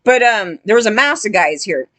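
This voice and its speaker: A woman's voice: mid-range voice, expressive, normal speed, fairly bright tone, dry recording. A woman giving casual, blunt commentary, rambling with lots of fillers and sounding disgusted.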